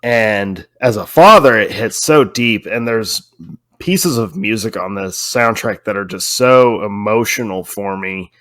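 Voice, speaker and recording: A man's voice: on the low side, unhurried, fairly bright tone, no echo. A man co-hosting a podcast in casual chat, teasing his co-host and speaking earnestly about what matters to him. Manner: teasing, then earnest and reflective.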